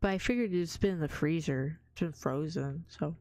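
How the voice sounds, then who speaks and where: A woman's voice: sits low, normal speed, darkish tone, no room sound. A young woman streaming as a vtuber in whispered role-play, telling stories in a chatty, giggly way that slips into whispers.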